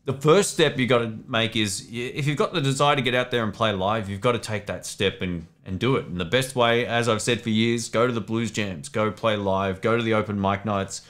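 A man's voice: lowish voice, a little fast, hardly any pauses. A man hosting a casual live Q&A, chatting loosely and reading viewer comments aloud. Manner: relaxed, rambling, reads chat comments aloud. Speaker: livestream host answering viewer questions. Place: home studio.

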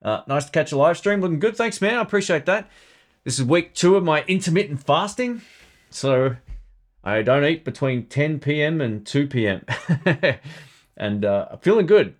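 A man's voice: a little high, lively intonation, normal speed. A man hosting a casual live stream about guitar gear, chatting loosely and thinking aloud.

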